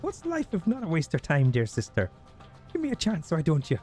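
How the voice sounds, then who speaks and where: A man's voice: a little high, wildly swooping pitch, a little fast, a little mellow, soft background music, voice pushed up. A man voicing a playful, persuasive winged woman in a fantasy game, with a coaxing, theatrical manner.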